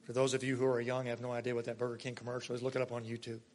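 A pastor delivering a conversational sermon, swinging between loud emphasis and soft, quiet asides. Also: male voice, mid-range voice, completely flat delivery, very fast, a little hiss or hum. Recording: long hall reverb.

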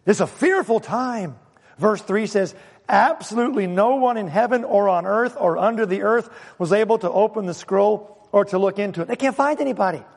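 A pastor with a scratchy throat preaching a sermon, animated and emphatic, with sudden loud exclamations. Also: male voice, high voice, moderate pace, creaky, long reverb tail.

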